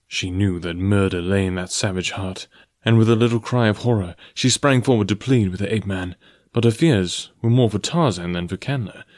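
A man narrates a novel in a steady, even reading voice. His pitch sits on the low side. The recording is close and dry. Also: normal speed, hardly any pauses, no echo. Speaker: audiobook narrator. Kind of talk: scripted narration.

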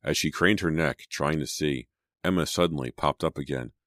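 Super deep guy reading a spooky audiobook, dry close sound, measured and suspenseful. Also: a bit bright, no room sound. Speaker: audiobook narrator. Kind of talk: scripted narration.

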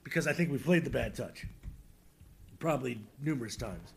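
A man's voice: medium pitch, animated, moderate pace, vocal fry. A man co-hosting a casual comedy podcast, mockingly reading song lyrics aloud and laughing often. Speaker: podcast co-host.

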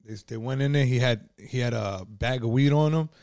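Gravelly street-talking man. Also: mid-range voice, a little fast, a little mellow, dry recording, clean studio sound. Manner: streetwise, profane, lots of "like". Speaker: guest telling his story. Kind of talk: casual storytelling.

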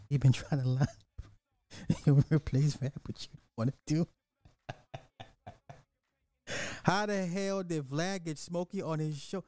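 A man's voice: on the high side, warm tone, no room sound, studio quality. A middle-aged man hosting a livestream, ranting bluntly and with profanity in casual commentary, repeating his points for emphasis. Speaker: livestream host.

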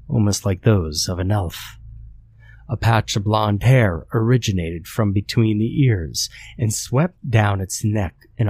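A man reads a horror story aloud in a steady, measured way. His voice sits fairly low, and the delivery is scripted narration.

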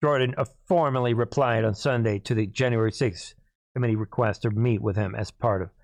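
A hoarse man hosting a political commentary monologue, emphatic, repeatedly clearing his throat and calling out to listeners as "people". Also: on the low side, fairly even intonation, a little fast, dry recording. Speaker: host.

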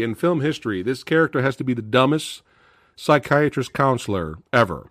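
Animated male horror review host. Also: medium pitch, brisk, dry recording, studio quality. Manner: chatty, animated storyteller who laughs often. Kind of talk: casual chat.

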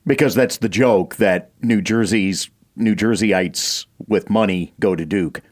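A man on a sports radio panel who tosses in dry jokes. His voice sits fairly low. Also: unhurried. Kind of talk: casual sports radio chat.

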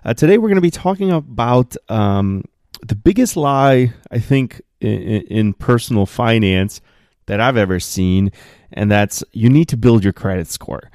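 A man with a low, mellow voice hosts a solo podcast from a spare room at home. The recording is dry and close, with no room sound. He talks loosely and fills gaps with "uh" and "um", and he grows heated as he talks. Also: normal speed, no room sound. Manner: animated, gets worked up, many fillers. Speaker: podcast host.

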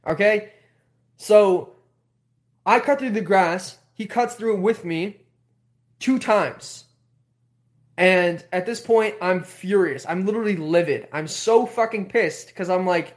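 A young man telling a story on a live stream, animated, swearing and repeating himself. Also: high voice, takes it slowly, long pauses. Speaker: host.

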